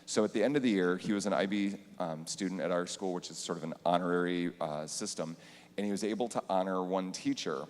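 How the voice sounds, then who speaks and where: Deep-voiced man telling a story. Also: fairly quick. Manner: earnest storytelling, acts out quotes. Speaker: band director and teacher. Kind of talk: panel storytelling at church event. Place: church sanctuary. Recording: hall reverb.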